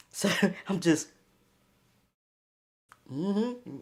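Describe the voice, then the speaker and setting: A young man streaming a casual storytime, slangy and animated, laughing often as he talks. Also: fairly high pitch, measured pace, pauses often.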